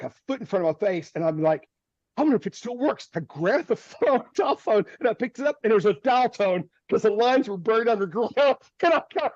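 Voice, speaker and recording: Over a video call, a male storm chaser guest tells an animated, vivid story, restarting himself and letting out short nervous laughs. His voice is high and mellow, and the lo-fi audio sounds dull and dry.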